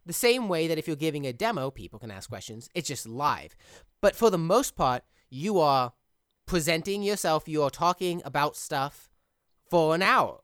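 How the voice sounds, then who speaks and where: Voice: mid-range voice, big pitch swings, moderate pace, a bit bright, dry recording, clean studio sound. A podcast host who edits the show, chatting casually in long, reflective run-on thoughts. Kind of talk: casual chat.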